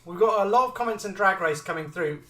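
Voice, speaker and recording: A man co-hosts a casual live chat, reading viewer comments with animated energy. His voice sits a little high. He is set back from the mic in an echoey room. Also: fast, distant mic.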